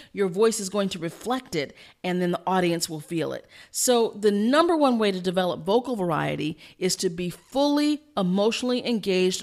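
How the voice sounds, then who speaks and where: Energetic woman coach talking fast. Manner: energetic, emphatic, varies pitch to illustrate points. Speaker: communication coach and host. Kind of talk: instructional talk.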